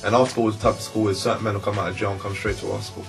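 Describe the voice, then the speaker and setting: A young man with a London accent telling a story in a relaxed, slangy way. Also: on the low side, very fast, creaky, music in the background. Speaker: interviewee. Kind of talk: casual storytelling.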